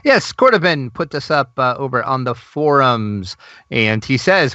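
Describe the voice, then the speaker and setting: A man co-hosting a casual gaming news podcast, excitable and gushing, laughing often. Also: medium pitch, measured pace, no echo, muffled recording. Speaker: podcast co-host.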